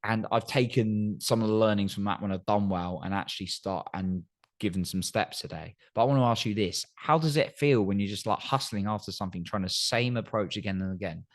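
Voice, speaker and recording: A man's voice: fairly low pitch, a little fast. A man hosting a solo podcast, giving earnest coaching advice and often checking in with "right?". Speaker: podcast host. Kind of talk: solo motivational podcast talk.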